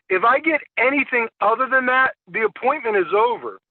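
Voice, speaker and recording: A man with a high voice gives a sales training talk over a tinny, phone-like call line with dry, close sound. He tells stories and acts out dialogue with clients, repeating words as he restarts. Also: expressive, fairly quick, hardly any pauses, dry recording. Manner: storytelling, acting out client dialogue. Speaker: insurance sales agent.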